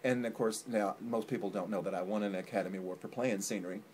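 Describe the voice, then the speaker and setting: A man's voice: lowish voice, steady tone, quick pace, darkish tone, a little hiss or hum. A man co-hosting a casual vlog, telling a rambling, joking story, filmed on a phone at home. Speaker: vlog co-host. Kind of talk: casual chat. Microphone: phone camera.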